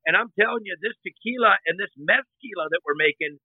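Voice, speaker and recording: Man, casual storyteller, animated, high voice, dry close sound, phone-line tone. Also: a little fast, slightly rough, no room sound. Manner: animated, imitates others' voices in anecdotes. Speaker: guest.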